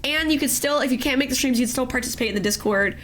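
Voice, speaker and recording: A woman with a hoarse voice after an illness, hosting a casual live art class and greeting chat in a sing-song way. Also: sits high, rapid-fire, a little hiss or hum. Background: soft music.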